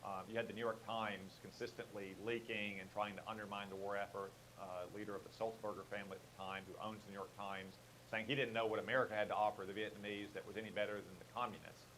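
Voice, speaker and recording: A man speaking as a political guest in a radio interview, arguing his points in a measured way with frequent fillers. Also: fairly low pitch, flat delivery, fairly bright tone, a little hiss or hum, rough recording.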